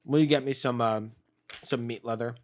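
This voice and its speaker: A man's voice: medium pitch, steady tone, normal speed. A young man co-hosting a snack-tasting podcast, chatting casually and joking around with frequent laughs. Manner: playful, jokey, laughs often. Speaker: podcast co-host.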